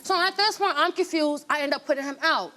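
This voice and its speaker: A woman's voice: high-pitched, a little fast, a little hiss or hum. A woman, a talk show guest, telling her story with feeling and acting out the quoted voices. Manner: animated, acts out quoted voices.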